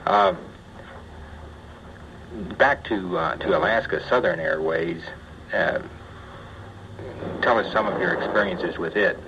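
A man interviewing as a radio broadcaster, asking relaxed, conversational questions. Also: deep voice, slow pace, long pauses. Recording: muffled archival tape with faint hiss.

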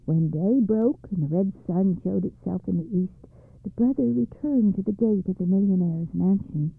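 A storyteller reading a folktale aloud in a measured, expressive way. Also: mid-range voice, gravelly, husky, dry recording. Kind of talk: storybook narration. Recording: dry, phone-like narrow band.

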